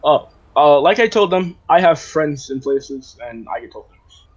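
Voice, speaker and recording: A man's voice: on the high side, lively intonation, measured pace, muffled recording. A man in casual voice chat, rambling as he retells a conversation, full of fillers and restarts. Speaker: roleplay server player.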